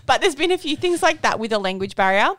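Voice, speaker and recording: A woman's voice: sits high, quick pace, no echo. A woman in her thirties from Australia, co-hosting a podcast and telling a story with lots of laughter. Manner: giggly, animated storytelling. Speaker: podcast co-host. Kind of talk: casual chat.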